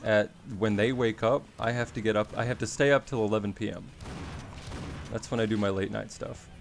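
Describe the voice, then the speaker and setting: A man's voice: fairly low pitch, fairly even intonation, brisk, vocal fry, a little hiss or hum. A man from Australia chatting casually on his stream, rambling and wry, swearing now and then.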